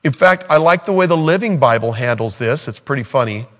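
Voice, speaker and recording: A man's voice: medium pitch, expressive, fairly quick, a bit bright. A man preaching a sermon in a casual, sarcastic way, acting out quotes as he goes. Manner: conversational, sarcastic, acts out quotes. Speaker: pastor.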